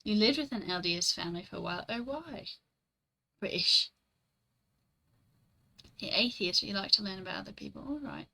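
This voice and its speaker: A woman's voice: medium pitch, expressive, racing, vocal fry, few pauses, pushed and bright, low-quality recording. A young woman streamer in casual, rambling chat, reading and answering her chat, swearing casually and laughing often.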